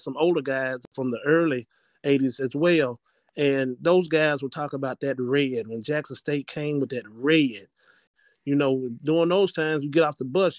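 A man's voice: a little high, dry recording. Man speaking in a dry, close room. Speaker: interviewee. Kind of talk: casual interview talk.

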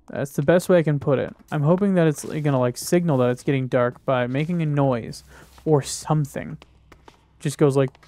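Guy talking to himself while playing a game, kinda high pitched, jumpy and swearing a lot. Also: darkish tone, no echo. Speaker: gaming video creator. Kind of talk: casual gameplay commentary.

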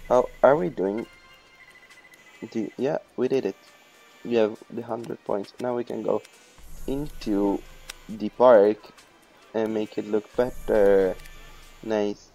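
A man rambling through casual game commentary, swearing and joking at himself, his voice hoarse. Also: fairly low pitch, steady tone, takes it slowly, pauses often, dark tone, faint music behind. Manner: rambling, profane, self-mocking. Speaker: let's play host.

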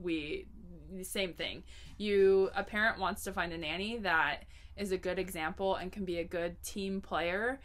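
Slow-spoken woman in thoughtful chat. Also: mid-range voice, a bit bright. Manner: thoughtful, unhurried, laughs easily. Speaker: podcast co-host, nanny. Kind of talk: casual chat.

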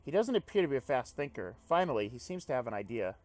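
Excitable man reading a game aloud. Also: mid-range voice, fast talker, faint music behind. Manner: excitable, swears, jumps between reading and reacting. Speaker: let's play host. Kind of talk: reading a visual novel aloud with commentary.

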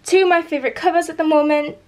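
High-voiced chatty woman. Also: fairly even intonation, rapid-fire, a little hiss or hum. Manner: chatty, bubbly, rambling. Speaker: book vlogger. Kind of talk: chatty vlog.

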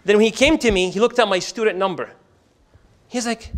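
A man's voice: high voice, brisk. A man teaching a religious class to a live audience, telling stories with humor and acting out the dialogue. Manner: animated, humorous, acts out dialogue. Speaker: Islamic teacher. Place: mosque hall with a live audience.

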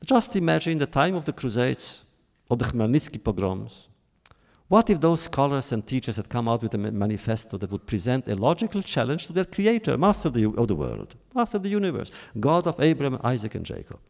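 A man giving a formal public lecture, solemn and measured, lifting his voice sharply on key words. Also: medium pitch, big pitch swings, creaky, a little mellow.

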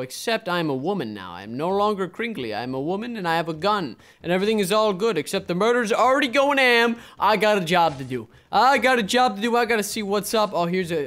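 A young man with a fairly high voice chats through a round of an online game, talking to his viewers in a casual running commentary. He swings from easy rambling into sudden loud, excited outbursts. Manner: excitable, jumps to loud exclamations. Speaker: gaming video host.

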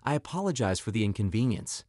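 A man's voice: lowish voice, big pitch swings, quick pace, a little mellow, no room sound, clean studio sound. A man voicing a restaurant manager who speaks formally and stiffly.

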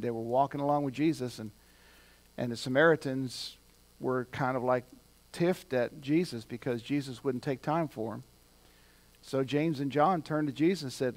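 A male pastor giving a sermon, talking conversationally and building to loud, emphatic points. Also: medium pitch.

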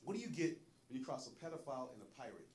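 A man's voice: medium pitch, very animated, racing, darkish tone, a little hiss or hum. A man doing a stand-up comedy set, acting out quotes and laughing often as he tells the story. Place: comedy club stage. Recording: echoey club with audience. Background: crowd laughing.

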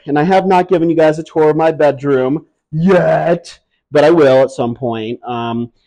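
Speaking in a mid-range, dark-toned voice, a man from upstate New York chats casually with his viewers about his plant hobby. The vlog is playful and rambling, full of self-mocking jokes, and recorded indoors in a home with high ceilings.

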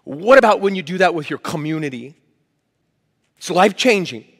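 A man's voice: on the high side, expressive, normal speed, fairly bright tone, long reverb tail. A man preaching a sermon as pastor, in a conversational, emphatic way. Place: church hall.

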